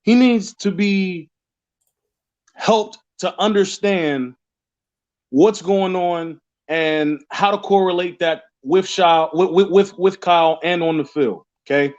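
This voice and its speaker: Male caller, high voice, rambling and repetitive, muffled lo-fi line. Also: slow pace. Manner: rambling, repeats words and restarts often. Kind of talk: casual call-in chat.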